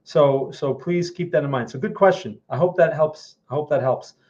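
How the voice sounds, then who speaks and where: A man hosts a live chart-commentary stream as a market analyst, speaking with a New Jersey accent in a voice on the high side, a little mellow, at moderate speed. Frank and blunt, he often adds "right?", and the lo-fi sound is slightly muffled.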